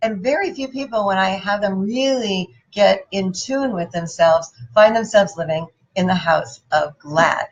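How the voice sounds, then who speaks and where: A woman giving a playful, animated motivational talk and putting questions to her audience. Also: mid-range voice, unhurried, few pauses, dull audio. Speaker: motivational speaker.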